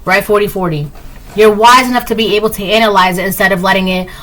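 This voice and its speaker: A woman with a medium-pitched, slightly bright voice talks fast on a low-quality recording. She's a tarot reader giving a casual reading, rambling with plenty of "like" and "right?" in a breezy, dismissive way, and she keeps saying "blah, blah."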